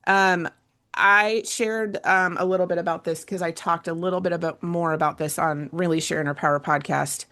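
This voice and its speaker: A woman host and coach in casual panel chat, telling a story with animated asides and laughs. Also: fairly low pitch, normal speed.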